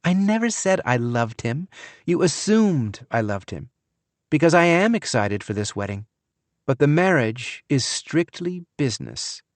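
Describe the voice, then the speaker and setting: A man's voice: a little high, lively intonation, normal speed, no room sound, voice pushed up, close to an everyday voice. A man voicing a cold, scheming young woman in an audiobook, with a breezy, offhand delivery. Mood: breezy, callous. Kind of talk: audiobook character voice.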